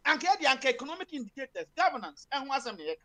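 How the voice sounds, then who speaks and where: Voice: high-pitched, very animated, fast talker, pushed and bright. A speaker with a Ghanaian accent giving impassioned political commentary, switching between Twi and English with many fillers and emphatic bursts.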